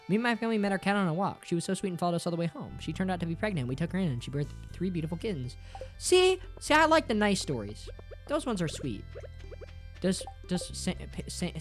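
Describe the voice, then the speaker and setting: A man's voice: sits high, a bit bright. Profane joking male streamer. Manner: crude, profane, joking, reads chat aloud; mock-dramatic, playful teasing. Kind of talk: casual game stream chat. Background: faint game music.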